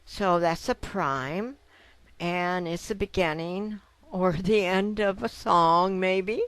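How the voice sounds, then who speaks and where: A woman's voice: fairly low pitch, takes it slowly, clear, resonant tone, dry recording. A woman giving a piano lesson, patiently explaining step by step and counting notes aloud. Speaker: piano teacher. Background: piano notes played between phrases.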